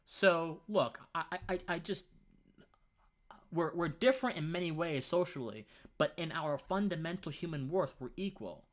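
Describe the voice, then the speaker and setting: On the higher side and moderately paced, a young adult man's voice carries his casual opinion livestream. He's lively and chatty, using "man" often, while rambling, stumbling over words, and restarting sentences.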